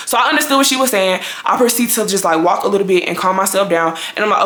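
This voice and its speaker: A woman in her twenties telling a storytime to her viewers in a lively, fussing way. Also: mid-range voice, quick pace, few pauses. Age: 20s. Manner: animated, fussing, talks straight to viewers. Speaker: vlogger. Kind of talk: casual storytime. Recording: echoey room.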